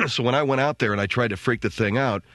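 A middle-aged man hosting a radio talk show, telling a comic story in an animated, jokey way and acting out voices and sounds. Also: medium pitch, fast, no room sound, studio quality.

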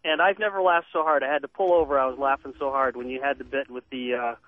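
A man's voice: mid-range voice, fairly even intonation, fast, slight background noise. A man calling a radio show as an eager fan, chuckling as he talks, heard over a tinny phone line. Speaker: caller.

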